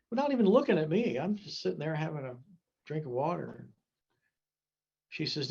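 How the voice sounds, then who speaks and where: A man's voice: a little high, animated, normal speed, vocal fry, slightly rough, lo-fi sound. Folksy older man telling safety stories. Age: 70s. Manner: storytelling, folksy and joking. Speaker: gliding safety speaker. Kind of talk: safety talk with anecdotes.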